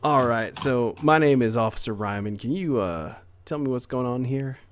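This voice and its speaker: A man voicing a grizzled, scruffy small-town cop in his thirties during a tabletop role-play, with a gruff, drawling, threatening manner. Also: mid-range voice, expressive, normal speed, slight background noise, natural voice. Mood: businesslike.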